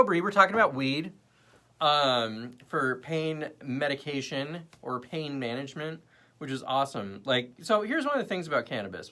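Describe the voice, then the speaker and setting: A young man hosting a casual livestream, rambling between topics and chatting with viewers in the comments. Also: mid-range voice. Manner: rambling, animated, jumps between topics and chat. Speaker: livestream host.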